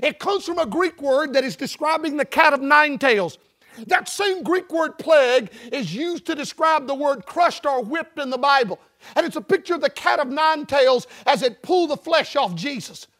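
Male preacher, very high voice, folksy and joking, shouting for emphasis, sermon. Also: lively intonation, normal speed. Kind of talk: sermon with storytelling. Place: church building before a congregation.

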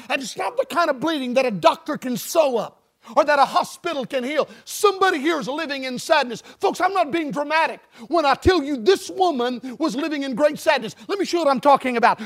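A man preaching a sermon in a church, his voice pitched strikingly high. He speaks with a folksy, joking manner, then builds to loud, shouted emphasis. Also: lively intonation, a little fast. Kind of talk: sermon with storytelling. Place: church building before a congregation.

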